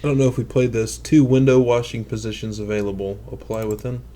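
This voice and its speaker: A man's voice: mid-range voice, steady tone, fast, noisy background. A man co-hosting a podcast, rambling and profane in casual chat. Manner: rambling, profane, laughs at own jokes. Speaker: podcast co-host.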